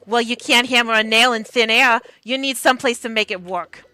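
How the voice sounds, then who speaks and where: A woman's voice: fairly high pitch, fairly quick, sharp tone, smooth, no echo. A woman reading out the lines of a sarcastic, bossy animal innkeeper from a game, in a near-everyday voice. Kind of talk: reading game dialogue aloud.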